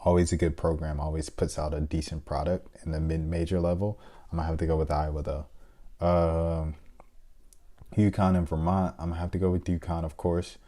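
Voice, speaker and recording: A young man with a low, mellow voice chats casually as he fills out a basketball bracket. He thinks out loud, full of hesitant fillers and playful shout-outs. His delivery stays relaxed and conversational. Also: a little fast. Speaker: sports video host. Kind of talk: casual bracket-picking chat.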